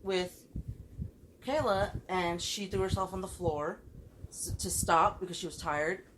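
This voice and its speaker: A woman's voice: on the low side, a little slow, a little hiss or hum, low-quality recording. A woman co-hosting a podcast, telling a story in casual chat with heated, profane delivery. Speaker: podcast co-host.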